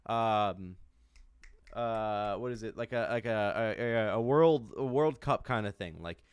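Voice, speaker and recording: A man's voice: fairly low pitch, unhurried, smooth, no room sound. Fired-up man ranting about sports. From United States. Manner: heated, swears a lot, repeats himself. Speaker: podcast co-host. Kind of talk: profane sports rant.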